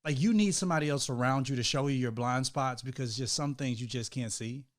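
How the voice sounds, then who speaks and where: A man in his thirties co-hosting a casual chat with his wife, animated, laughing often and acting out quotes in a raised voice, speaking. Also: medium pitch, fairly quick. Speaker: co-host, husband.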